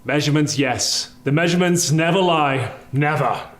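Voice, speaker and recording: A man's voice: fairly high pitch, moderate pace, fairly bright tone, natural voice. An actor playing a pompous, condescending man who calls himself a survivalist, botanist and swordsman. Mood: haughty. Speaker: skit character.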